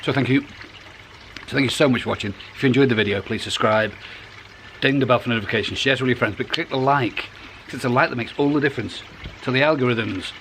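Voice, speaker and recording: A man's voice: medium pitch, quick pace, fairly bright tone, slight background noise. A middle-aged man, chatting casually to camera beside his garden pond, rambling and restarting his phrases. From United Kingdom. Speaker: koi pond vlogger. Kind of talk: casual vlog.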